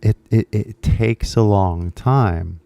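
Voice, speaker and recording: American male YouTuber teacher, young, dark mellow tone, rambling casual delivery. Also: on the low side, slow, creaky, dry recording. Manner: loose and chatty, fills with "like" and "right?". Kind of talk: casual rambling lesson to camera.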